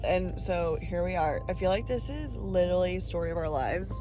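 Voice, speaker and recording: A woman's voice: on the low side, lively intonation, normal speed, music in the background. A young adult woman, a new mother, chatting casually in a family vlog.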